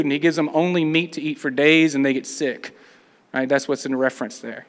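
A man's voice: on the high side, fairly even intonation, fast, fairly bright tone. A man preaching a sermon, reading scripture aloud and acting out the complaints of the people in between. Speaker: pastor. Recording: long hall reverb.

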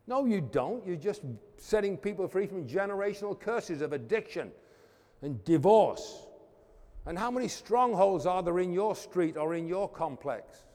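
A man preaching a sermon as pastor, fervent, calling out to the congregation and swinging from loud declarations to hushed asides. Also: sits high, animated, normal speed, long reverb tail. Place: church.

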